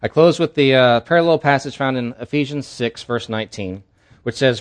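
Pastor, male, mid-pitched, earnest candid storyteller, preaching a sermon at a church service. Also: moderate pace.

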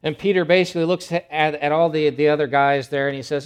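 A male pastor preaching a sermon in an animated, conversational way, with emphatic repetition. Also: fairly high pitch, fast, hardly any pauses, clear, resonant tone.

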